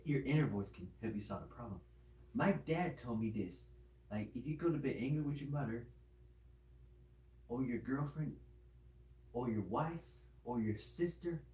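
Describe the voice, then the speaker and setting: A man with a mellow, dark-toned voice, talking casually to his viewers. He hands out earnest life advice, circling back and repeating himself with frequent restarts. The sound is roomy, with a noticeable echo. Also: mid-range voice. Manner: rambling, repetitive, earnest advice with many restarts. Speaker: video creator. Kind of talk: casual motivational talk to camera.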